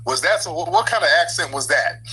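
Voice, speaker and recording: A man's voice: a little high, lively intonation, brisk, sharp tone, a little hiss or hum, low-quality recording. A man hosting a call-in show, mocking and confronting a caller. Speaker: talk show host.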